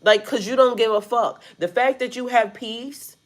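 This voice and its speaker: With a fairly high pitch, steady tone, and moderate pace, a spiritual reader gives her viewers a laid-back reading head-on. "Like" turns up constantly in her talk, she calls them "y'all," and she doesn't hold back on bluntness or profanity.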